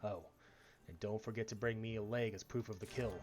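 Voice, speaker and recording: A man doing a gruff, skeptical guard captain. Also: lowish voice, fairly even intonation, music in the background, natural voice. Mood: curt. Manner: stern, curt, measured. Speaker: streamer reading game dialogue.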